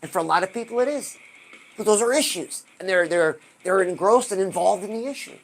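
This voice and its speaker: A woman hosting a live stream, giving an animated motivational talk and asking her viewers rhetorical questions. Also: medium pitch, fairly quick, slight background noise. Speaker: livestream host.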